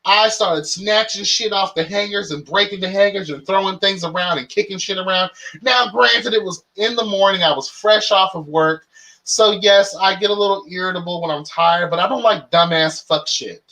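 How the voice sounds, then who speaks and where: High bright-voiced guy ranting a story, cussing, sassy and dramatic. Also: normal speed. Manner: profane, sassy, animated storytelling; exasperated, dramatic retelling. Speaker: channel host. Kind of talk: casual storytelling rant.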